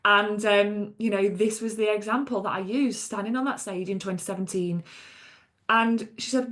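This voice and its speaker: A woman from talks straight to her listeners in an unscripted solo podcast. She is chatty and emphatic, drops in "okay?" and "right?" asides, and swears without a second thought. Her voice sits at an ordinary middle pitch for a woman. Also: steady tone, normal speed, fairly bright tone. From England. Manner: blunt, swears freely. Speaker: podcast host and coach.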